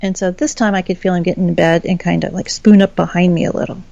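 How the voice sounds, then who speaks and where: A woman's voice: lowish voice, steady tone, fast talker, creaky, warm tone, dry recording, highs cut off. A woman guest telling a personal story in a frank, chatty way, swearing casually. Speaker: podcast guest.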